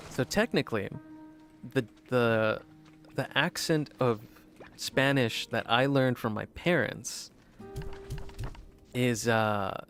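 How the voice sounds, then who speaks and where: A man's voice: mid-range voice, a bit bright. A man rambling in casual chat as he plays a video game, often restarting sentences and laughing. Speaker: gaming streamer.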